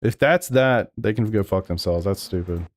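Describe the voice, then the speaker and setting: A man's voice: fairly low pitch, expressive, moderate pace, no echo. A man streaming sim racing live, talking over race replays and arguing back at his chat with plenty of swearing. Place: home sim racing room.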